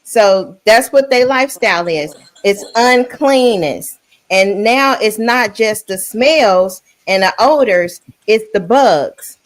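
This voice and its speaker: A woman's voice: medium pitch, animated, slow pace. A woman hosting a casual panel chat, talking frankly and laughing often as she speaks.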